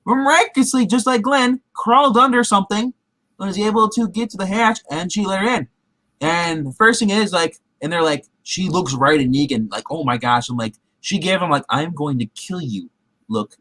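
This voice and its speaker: Casual recap host, male, a bit high-pitched, rambling delivery full of restarts, close dry sound. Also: moderate pace, bright, forceful tone, no echo. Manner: rambling, heavy with fillers and restarts; acts out characters' quotes in his retelling.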